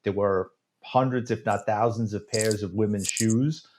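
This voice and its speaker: A retired police detective in his fifties from the United States, with a New York accent, tells stories in a casual interview. He is a sarcastic, animated storyteller whose fairly low voice runs a little slow, with a slight hiss or hum on the recording.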